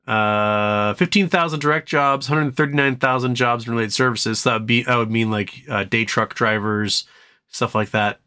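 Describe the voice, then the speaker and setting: A man's voice: normal speed, pushed and bright, clear, resonant tone. A man hosting a casual live stream, rambling and joking while reading chat and talking to his dog. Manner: rambling, jokey, talks to his dog in a high baby voice. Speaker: livestream host.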